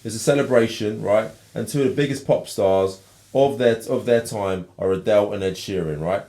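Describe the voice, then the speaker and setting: A man's voice: fairly low pitch, normal speed, dark tone. Laid-back Cockney man. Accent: London Cockney. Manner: laid-back storyteller, tacks "right?" and "innit" onto lines. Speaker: co-host. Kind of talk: casual chat.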